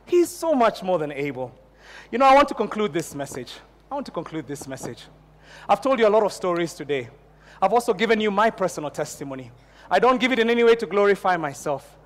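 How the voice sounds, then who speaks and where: A man's voice: high-pitched, in a large hall. A man preaching a sermon to a church congregation, telling a personal story and building into fervent prayer. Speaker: pastor.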